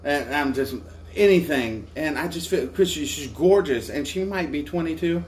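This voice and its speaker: A man's voice: fairly high pitch, lively intonation, moderate pace. A tired man casually telling a crude, profane, self-mocking story from his motorcycle trip, with a faint background hiss. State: tired from little sleep. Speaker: motorcycle travel vlogger.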